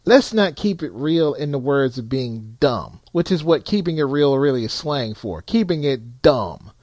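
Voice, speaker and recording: A man's voice: medium pitch, expressive, measured pace, darkish tone, no echo, highs cut off. A man who drives trucks, giving blunt, profane advice to other drivers in an emphatic rant. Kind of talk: blunt ranting advice to viewers.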